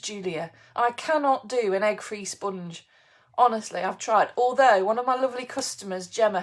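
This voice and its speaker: A woman who runs a bakery shop, hosting a chatty live baking demo, reading out viewer comments and laughing easily. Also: on the high side. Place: home kitchen.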